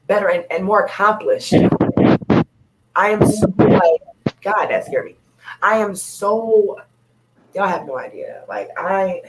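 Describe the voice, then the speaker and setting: A woman's voice: mid-range voice, poor audio. A woman speaking on an open panel, talking candidly and bluntly, repeating her points for emphasis. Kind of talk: candid casual chat.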